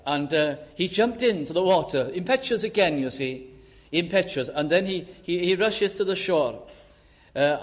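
An older man preaching a sermon, telling the story with feeling, acting out quoted dialogue and slowing down for emphasis. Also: fairly high pitch.

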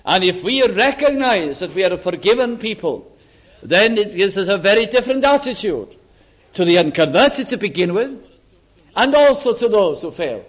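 An older man preaching an earnest sermon, asking his listeners searching questions and dropping to a hush on key lines. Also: sits high, sing-song, moderate pace.

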